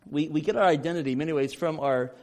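Man from Illinois, pastor preaching, fairly high voice, earnest repeated emphasis. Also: quick pace, a little mellow. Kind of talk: sermon.

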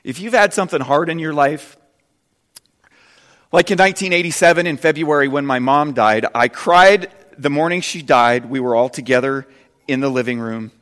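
Earnest man preaching in a reverberant hall. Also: moderate pace. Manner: earnest, swings from soft and low to loud and emphatic. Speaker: pastor. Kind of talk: sermon.

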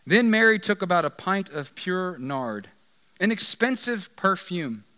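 A male pastor with a fairly high voice delivers a casual sermon. He jokes, checks in with listeners, and keeps things conversational. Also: big pitch swings, a little slow, bright, forceful tone. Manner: conversational, joking, asks audience questions.

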